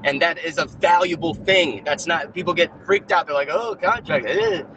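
A man's voice: fairly high pitch, steady tone, normal speed, noisy background. A man ranting in casual chat on a live stream, rambling, with lots of fillers and restarts. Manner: puts on mocking voices when quoting. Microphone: own mic on a remote call.

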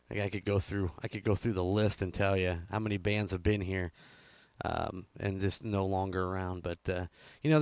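A man's voice: lowish voice, clean tone, no room sound. A man hosting a casual radio show from a studio, rambling with lots of fillers and chuckles. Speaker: radio host.

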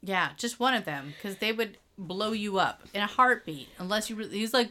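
A woman's voice: mid-range voice, animated, normal speed, bright, forceful tone. A woman co-hosting a podcast, recapping an episode bluntly with casual swearing. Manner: blunt, swearing, finishes partner's sentences. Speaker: podcast co-host.

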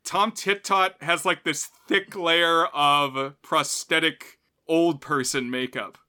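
A man's voice: fairly high pitch, fairly even intonation, slow pace, bright, forceful tone, clean tone. A man co-hosting a podcast, talking casually about a film and often laughing between remarks. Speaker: podcast co-host. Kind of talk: casual film review chat.

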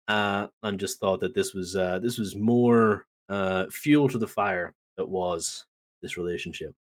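Animated man recapping wrestling. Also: fairly low pitch. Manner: animated storytelling, acts out quotes. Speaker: podcast co-host. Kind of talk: casual wrestling recap chat.

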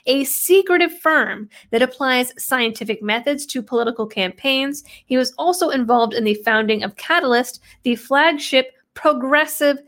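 A woman talks through an article on her own, reading out quotes and then answering them with skeptical, sarcastic asides. Her voice sits a little on the high side for a woman, and she keeps up a steady commentary. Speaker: political commentator. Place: New England background.

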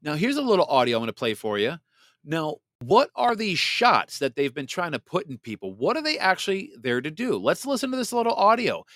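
Guy hosting his podcast, fired up and preachy, kinda high voice, lively. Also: a little fast, no echo, clean studio sound. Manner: fiery, preachy, lively ranting. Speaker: podcast host. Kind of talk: animated talk show monologue.

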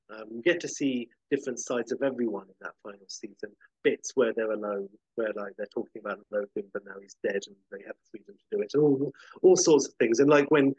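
A man's voice: medium pitch, husky, no echo, low-quality recording. A man co-hosting a podcast, chatting casually in a thoughtful, hesitant way. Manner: thoughtful, hesitant, with many ums. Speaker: podcast co-host. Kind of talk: casual chat.

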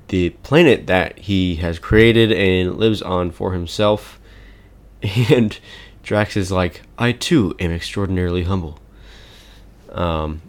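A podcast host with a low-pitched male voice, chatting casually. He sounds eager and chuckles often between thoughts. His talk is loose, with frequent ums and restarts. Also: clean tone. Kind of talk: casual chat.

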